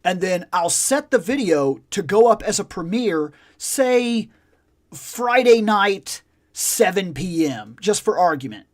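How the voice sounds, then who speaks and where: A man hosting a casual live chat show, telling stories in an animated way and swearing a lot. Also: high voice, slow pace. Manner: profane, animated storytelling. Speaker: podcast host.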